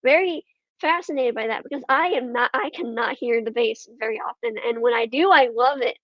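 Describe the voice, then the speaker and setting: A woman's voice: a little high, brisk, no echo, dull audio. A woman guest on a podcast, chatting casually and hesitantly, with lots of ums and trailing thoughts. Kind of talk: casual conversation.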